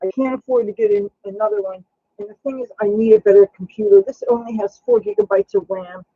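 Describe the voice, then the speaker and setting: A chatty man hosting a live baking stream from his kitchen, with a husky, gravelly voice. He talks casually and coos baby talk at his cat. The sound is dry and close. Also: high voice, sing-song, fast talker, no echo, phone-quality sound. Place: home kitchen.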